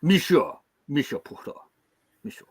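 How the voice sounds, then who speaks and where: A man's voice: on the high side, huge pitch swings, normal speed, breathy edge. Rambling middle-aged American man hosting. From United States. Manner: rambling, with many restarts and fillers. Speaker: show host. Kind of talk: casual chat.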